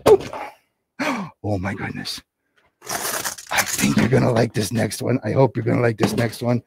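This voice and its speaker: A man's voice: medium pitch, very animated, unhurried, gravelly, noisy background. A man running a livestreamed puppet show, chatty and playful with sing-song asides, telling a nursery rhyme into a camera. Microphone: camera on a desk.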